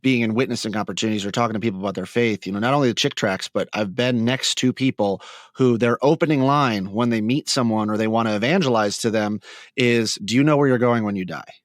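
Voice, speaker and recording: A man's voice: on the low side, fast talker, no room sound, studio quality. A man co-hosting a casual faith podcast, agreeable and reflective, laughing easily. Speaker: podcast co-host.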